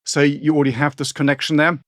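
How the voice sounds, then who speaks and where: A man's voice: fairly high pitch, flat delivery, fast, fairly bright tone, no echo, clean studio sound. A man, a podcast co-host chatting casually about history in a rambling way with frequent restarts. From northern Germany. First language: German. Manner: rambling, many restarts and asides.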